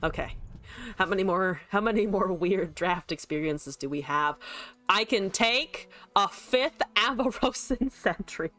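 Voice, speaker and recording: A woman's voice: mid-range voice, lively intonation, measured pace, fairly bright tone, soft background music. A woman streaming a card game, chatting casually, swearing and laughing as she plays. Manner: chatty, swears, laughs often, talks to chat. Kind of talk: casual gameplay commentary.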